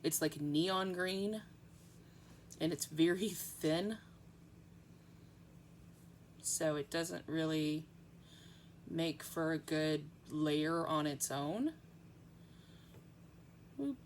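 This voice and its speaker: A woman's voice: deep voice, drawn-out words, pauses often, slight background noise. A woman chatting casually through a nail art tutorial at home, rambling with frequent ums.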